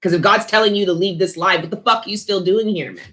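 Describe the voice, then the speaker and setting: A woman's voice: mid-range voice, fast, fairly bright tone. A woman giving a casual spiritual tarot reading, talking bluntly with lots of swearing and street slang. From Canada. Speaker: tarot reader.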